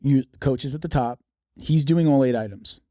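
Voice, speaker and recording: Brief: man, mellow voice, dry close sound, rambling casual explanations. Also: medium pitch, normal speed, no echo. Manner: long rambling explanations, acts out quotes. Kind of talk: casual chat.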